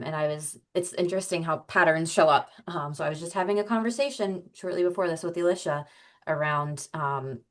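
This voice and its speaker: A woman on a video call sharing a reflection, hesitant, with many ums. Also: deep voice.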